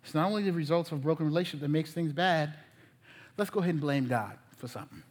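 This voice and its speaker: A man preaching a sermon as pastor, folksy and animated, joking with the congregation and now and then dropping to a near whisper for emphasis. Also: fairly high pitch, fast.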